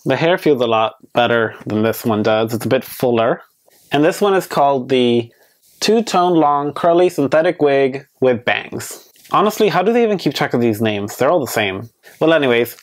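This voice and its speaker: A man giving a casual, candid review on his vlog, chatty and hedging with many fillers, with playfully sassy asides. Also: on the high side. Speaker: beauty vlogger reviewing wigs. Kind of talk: casual product review chat.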